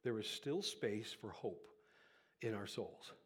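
A man preaching a sermon to a church congregation, swinging between hushed, slow passages and loud, impassioned climaxes, breathing heavily into the microphone. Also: fairly low pitch, animated, slightly rough. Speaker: pastor.

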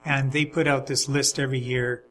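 A man's voice: mid-range voice, little pitch movement, moderate pace, a bit bright, slight background noise, rough recording. A man chatting casually, telling rambling anecdotes with easy laughter. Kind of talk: casual chat, storytelling.

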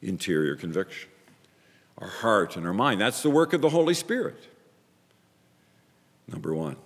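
A man preaching a sermon as a pastor, emphatic, repeating phrases in pairs and swinging between loud and quiet. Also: fairly low pitch, sing-song, moderate pace, big-room sound.

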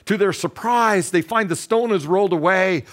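A male pastor delivers a sermon as an earnest, dramatic retelling of a Bible story. His voice sits a little above the usual male range. He leans on pauses and sometimes repeats a word as he builds the scene. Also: high-pitched, fairly bright tone.

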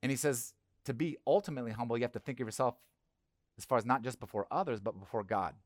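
A man's voice: medium pitch, fast, no echo, clean studio sound. A middle-aged male pastor giving a conversational sermon and asking the congregation questions.

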